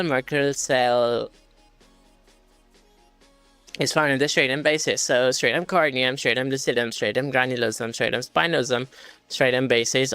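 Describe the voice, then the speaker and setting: A young woman chats casually on a study livestream. She reads questions aloud, swears freely and laughs often. Soft music plays behind her. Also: extremely low pitch, no room sound. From India. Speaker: streamer studying medicine.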